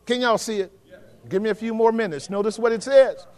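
Pastor, male, high pitch, sermon delivery with shouted peaks, reverberant hall. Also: lively intonation, moderate pace. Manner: call-and-response preaching, swings from hushed to shouting.

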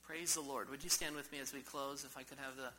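A man's voice: medium pitch, fairly even intonation, quick pace, sharp tone, poor audio. A man preaching a sermon in a church service, emphatic and full of rhetorical questions to the congregation. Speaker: pastor.

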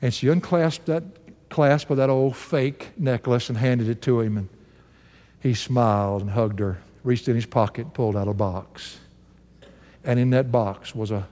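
An older man preaching a sermon, swinging from rising, fervent calls to hushed, slow storytelling. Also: long reverb tail. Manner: animated preaching, swinging from high shouts to low hushed storytelling.

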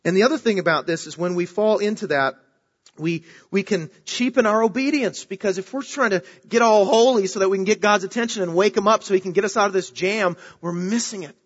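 A man's voice: high-pitched, brisk, husky. A male pastor preaching a sermon in a conversational way, rising for emphasis on key phrases. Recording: dull lo-fi recording.

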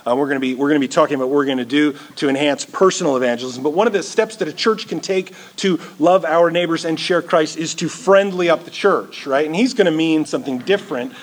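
A man's voice: on the high side, quick pace, hardly any pauses. A male pastor preaching a sermon in a church, earnest and repeating words as he builds his points.

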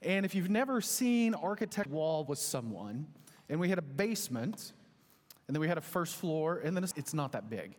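A man in his thirties, a pastor, telling a story in an animated, conversational sermon. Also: on the high side, moderate pace. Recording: long hall reverb.

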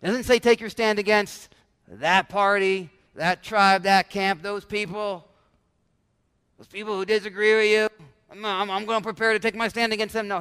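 A male pastor preaching a sermon with animated delivery, now and then acting out everyday voices to make his point. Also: high voice. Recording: long church hall reverb.

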